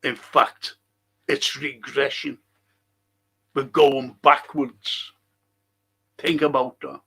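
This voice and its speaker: Slow-talking, sweary fan-show host man. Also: mid-range voice, little pitch movement, gravelly, sharp tone, slightly rough. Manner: blunt, sweary, reads out viewer comments. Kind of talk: live-stream chat reading and rant.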